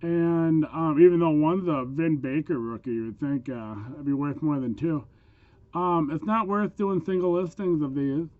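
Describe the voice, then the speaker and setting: A man from Minnesota with the distinctive speech of a hard-of-hearing talker, chatting casually through a sales vlog, his voice rough from a cold and broken by ums. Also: fairly high pitch, normal speed, dry recording, phone-quality sound. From Minnesota, USA. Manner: chatty, with frequent ums and small laughs. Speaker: eBay reseller.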